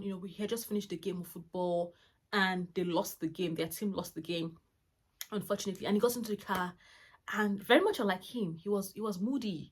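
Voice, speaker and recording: Her voice is on the low side and slightly rough. She's a mother around forty who hosts her own channel, chatting warmly to camera about parenting in a rambling way full of fillers and restarts.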